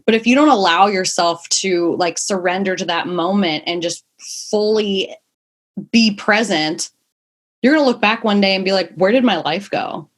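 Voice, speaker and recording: A woman's voice: medium pitch, moderate pace. A young woman, a mother of two, talking casually and at length as a podcast guest, rambling and emphatic. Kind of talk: casual interview chat.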